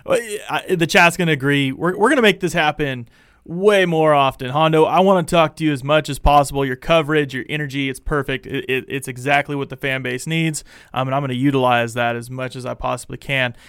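A young man hosting a casual sports fan show, excitable and rambling, full of restarts. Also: mid-range voice, a little fast, clear, resonant tone, no room sound, clean studio sound. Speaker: podcast host.

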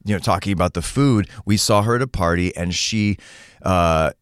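A man's voice: low-pitched, normal speed, fairly bright tone, clear, resonant tone, no echo, clean studio sound. A man co-hosting a podcast, chatting animatedly and acting out quotes as he recounts stories. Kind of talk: casual chat.

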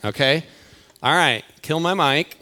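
An older man, a church elder, warms up a Sunday crowd in a relaxed, joking way, calling out to the kids and chatting as he goes. His voice sits a little high for a man, and he speaks into a mic in a church hall. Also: a little slow, background noise. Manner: playful, chatty, addresses the crowd directly. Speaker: church elder leading a children's game. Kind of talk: sermon opener with audience interaction. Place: church auditorium.

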